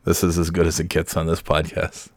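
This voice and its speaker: Sick middle-aged male podcaster, deep, gravelly, dry mic, rambling and self-mocking. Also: completely flat delivery, brisk, no echo. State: sick, holding back coughing fits; half awake. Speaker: podcast host. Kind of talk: casual solo podcast monologue. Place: home with kids heard in the background.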